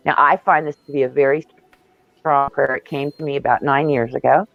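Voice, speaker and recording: A woman's voice: rumbling low, steady tone, brisk, no room sound. A woman hosting a casual spiritual chat over a video call, telling stories intensely and emphatically and swearing freely. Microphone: video call mic. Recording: dull lo-fi dry audio.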